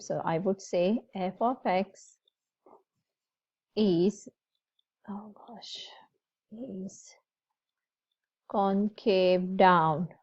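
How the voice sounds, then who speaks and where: A woman's voice: mid-range voice, a little mellow. A woman math teacher giving a classroom lecture, explaining step by step and repeating key points. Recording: slightly dull lo-fi recording.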